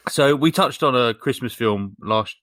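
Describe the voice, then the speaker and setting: A man's voice: mid-range voice, a little slow, a bit bright, dry recording, clean studio sound. A man co-hosting a podcast, casually retelling a film's plot with lots of ums, asides and swearing. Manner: rambling storyteller with lots of fillers and swearing. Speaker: podcast co-host. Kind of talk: casual comedic film recap.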